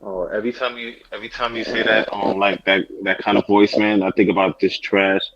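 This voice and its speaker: A man's voice: lowish voice, flat delivery, brisk, over a noisy crowd. A man co-hosting a sports podcast, chatting casually in a laid-back way with short remarks. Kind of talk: casual chat. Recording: dull lo-fi mic.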